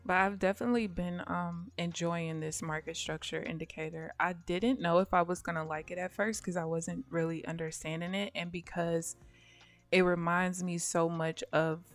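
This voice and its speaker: A woman giving casual live commentary on her own day trading, thinking aloud and often dropping to soft mutters. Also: lowish voice, steady tone, moderate pace, soft background music. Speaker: day trader streaming live.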